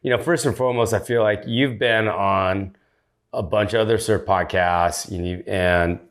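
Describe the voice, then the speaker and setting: A man hosting a faith podcast, talking loudly and with enthusiasm in a casual chat. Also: lowish voice, fairly even intonation, normal speed. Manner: loud, upbeat and enthusiastic. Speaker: podcast host.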